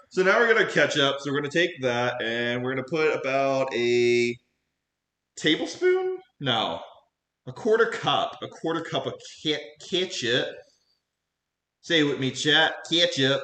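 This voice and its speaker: A man's voice: fairly high pitch, very animated, normal speed, sharp tone, reverberant. A man chatting casually with his live chat while cooking at home, goofy and laughing often. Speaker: cooking streamer. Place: home kitchen.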